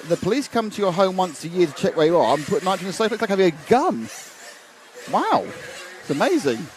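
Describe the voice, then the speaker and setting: A man's voice: high voice, very animated, a little fast. A man commentating live on a radio-controlled car race, chatting casually and reading out viewer messages with asides. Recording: noisy trackside with engine sounds. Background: race car engines and ambience.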